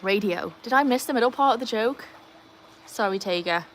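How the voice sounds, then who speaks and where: A woman's voice: on the high side, animated, normal speed, a bit bright, slight background noise. A Welsh woman hosting a casual live stream from beside a backyard pool, reading out viewer comments and talking to her dogs. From Wales. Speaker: livestream host.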